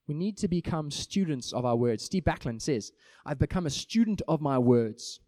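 A man preaching a sermon in an animated way, acting out small everyday scenes to make his points. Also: a little high, no room sound, clean studio sound.

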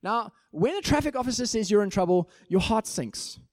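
A man's voice: high-pitched, normal speed, dry recording, clean studio sound. A male pastor with a South African accent, telling a story in a sermon and acting out the lines of each person in it. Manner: animated, acts out each character in the anecdote.

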